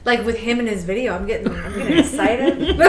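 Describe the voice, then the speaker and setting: A woman podcast host with a fairly high voice chats eagerly and giggles a lot. Her room echoes, and crowd noise is clearly heard behind her. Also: lively intonation. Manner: eager, giggly, quick affirmations. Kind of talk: casual chat.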